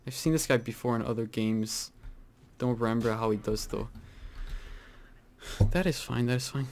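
A man giving casual, rambling commentary over his own gameplay, full of fillers and sudden excited outbursts. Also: mid-range voice, a little slow, slight background noise. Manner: chatty, rambling with many fillers, bursts into excited exclaims. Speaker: gaming channel host.

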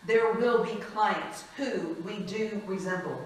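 A woman, a former hospice chaplain, telling stories in a lively, frank conference talk and acting out the voices of the people she quotes. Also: mid-range voice, slow pace. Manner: lively, frank, laughs often, acts out quotes. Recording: echoey hall, mic at a distance.

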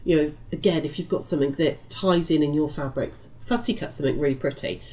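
A woman's voice: low voice, quick pace, mellow. A middle-aged British woman hosting a live quilting tutorial, chatty and reassuring, calling viewers lovely and love. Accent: British English. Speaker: quilting shop host.

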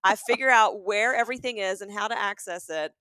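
A woman in her forties co-hosts a comedy podcast, spinning an animated story and slipping into the voices of the people in it. The sound is close and dry, with no room around it. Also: mid-range voice, brisk, dry recording. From American South. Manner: animated storytelling, acting out quotes. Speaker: podcast co-host. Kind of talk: comedic casual chat.

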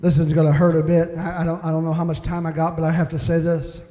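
A man's voice: a little high, monotone, quick pace, mellow. A man preaching a sermon as pastor, mimicking whiny complainers as he talks. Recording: echoey hall reverb.

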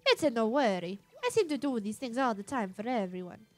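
A woman's voice: fairly high pitch, expressive, a little fast, faint music behind, natural voice. A woman voicing a vain, fussy, posh lady spirit who talks in a genteel, affected, old-fashioned way. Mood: doting, prim.

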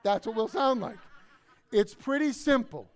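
A man preaching a sermon to his congregation in a conversational, animated way, sometimes mimicking other people. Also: very high-pitched, unhurried. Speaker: pastor.

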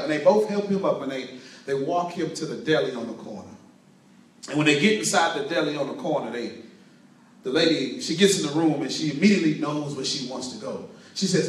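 A man delivers a motivational sermon with emphatic, preacherly storytelling. His voice sits a little high for a man. The sound is heavily echoey and picked up from some distance. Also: fairly quick. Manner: emphatic preaching with call-and-response. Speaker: motivational speaker. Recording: very echoey room, distant mic.

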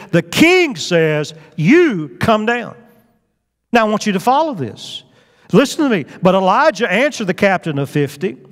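A male pastor, preaching in a church sanctuary. He drives points home in loud bursts, then drops low and quiet. A long hall reverb trails each phrase. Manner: emphatic preaching, swinging between loud and low. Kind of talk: sermon.

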